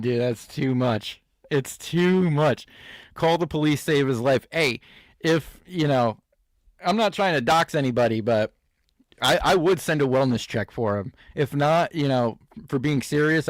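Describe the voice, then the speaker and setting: A man's voice: mid-range voice, measured pace, no echo, studio quality. A man hosting a comedy reaction show, riffing sarcastically and laughing at clips. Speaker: host.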